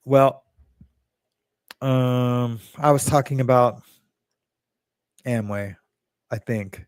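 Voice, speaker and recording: A man's voice: medium pitch, drawn-out words, smooth, no room sound, clean studio sound. A man hosting a casual livestream, rambling and correcting himself as he chats with viewers and swearing now and then. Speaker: livestream host.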